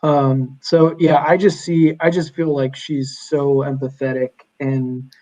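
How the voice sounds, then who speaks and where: A young man, a podcast guest, chatting casually and telling animated stories with lots of fillers. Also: mid-range voice, a little slow, rough recording. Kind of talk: casual chat.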